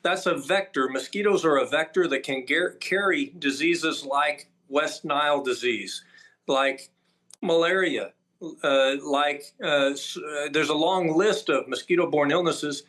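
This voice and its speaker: A man's voice: on the high side, unhurried, a bit bright. Emphatic man, a guest doctor. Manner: emphatic, listing points, frequent fillers. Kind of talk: interview guest.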